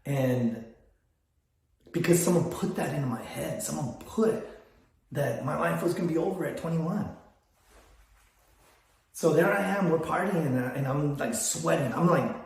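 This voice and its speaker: A man's voice: on the high side, unhurried, vocal fry, long pauses. An older man, telling stories in a casual vlog, rambling with frequent restarts. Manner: rambling, storytelling with many restarts. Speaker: photography business vlogger. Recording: very echoey room.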